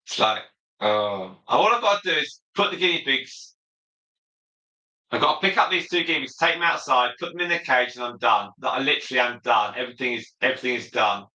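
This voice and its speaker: A man's voice: mid-range voice, brisk, sharp tone, roomy sound, poor audio. A man hosting a casual livestream, chatting freely as he reads out viewer comments and replies to them. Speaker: livestream host.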